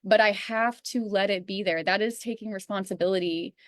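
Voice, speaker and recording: A woman's voice: medium pitch, fairly even intonation, a little fast, no room sound, studio quality. A woman hosting an astrology reading, talking earnestly in a casual, coaching way with many "you know"s and "like"s. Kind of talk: casual spiritual talk.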